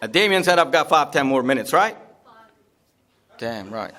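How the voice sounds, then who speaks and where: A man's voice: mid-range voice, expressive, normal speed, pushed and bright. A man giving a rambling, jokey talk to a live seminar audience, repeating himself often. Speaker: seminar speaker. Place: seminar room.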